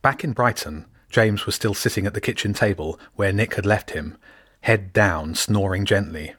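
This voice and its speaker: A man's voice: on the low side, moderate pace, a bit bright, slightly rough, no echo, clean studio sound. A man narrating a children's fantasy story aloud, reading each character's lines in small shifts of voice. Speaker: audiobook narrator. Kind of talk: scripted narration.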